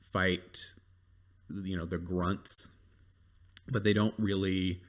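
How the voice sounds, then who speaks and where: Guy with a deep low voice ranting casually about a show, rambly, lots of ums. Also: sharp tone. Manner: rambling, lots of ums and likes, dry complaints. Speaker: reviewer. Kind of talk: casual review rant.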